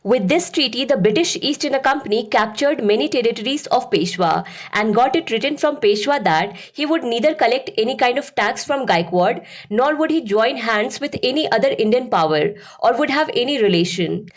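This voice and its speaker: A woman narrating a scripted history lesson as a teacher, in a steady, explanatory lecturing manner. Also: on the high side, normal speed, few pauses.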